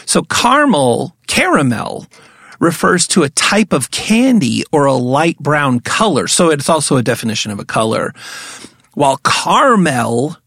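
Male podcast co-host, gravelly mid voice, rambling comic banter, dry close mic. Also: on the high side, animated, moderate pace, a bit bright, no echo. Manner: rambling, jokey, restarts a lot. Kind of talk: casual comedic chat.

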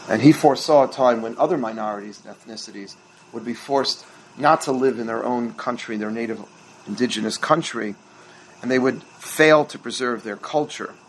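A man's voice: mid-range voice, slight background noise, low-quality recording. A middle-aged man, a rabbi, teaching a holiday workshop in a conversational storytelling way and now and then quizzing his listeners.

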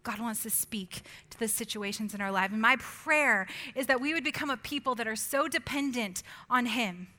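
A woman in her forties preaching a sermon, moving from earnest exhortation to soft whispered asides and playful family storytelling. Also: a little high, normal speed, hardly any pauses. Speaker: pastor.

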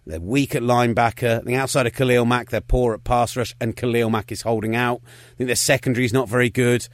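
With a medium-pitched voice and steady tone, a podcast co-host discusses sports casually, offering wry, opinionated, rapid-fire takes. The sound is clean studio audio without any room sound.

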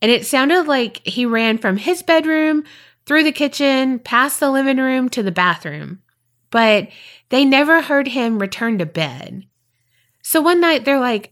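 A woman's voice: high-pitched, animated, fairly bright tone. Chatty woman telling a spooky story. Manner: chatty, profane, drops into quick voices for people in the story. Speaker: podcast co-host telling a paranormal story. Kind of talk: casual storytelling chat.

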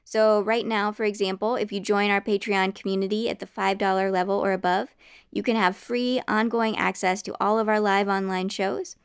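A woman's voice: mid-range voice, vocal fry, smooth, no echo, studio quality. A woman podcast host reading a friendly, earnest scripted announcement to listeners.

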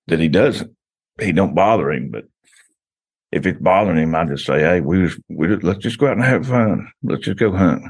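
A man's voice: low voice, husky. A man, a guest on a casual podcast, telling stories in a rambling way with frequent restarts.

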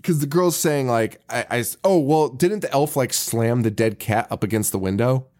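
A man's voice: medium pitch, normal speed, a little mellow. A man co-hosting a casual podcast, recapping a horror movie and laughing often as he quotes scenes. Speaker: podcast co-host.

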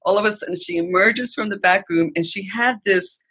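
A woman with a bright, forward voice that carries a husky edge, recounting a personal story as a podcast guest. Her telling is animated and emotional, and she scatters "like" and "you know" through her sentences. The pitch sits in the middle range for a woman. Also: brisk.

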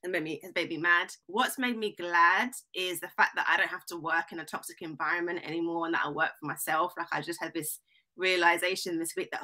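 A woman guest chatting in a lively, casual way, with lots of "like". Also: low voice. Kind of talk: casual chat.

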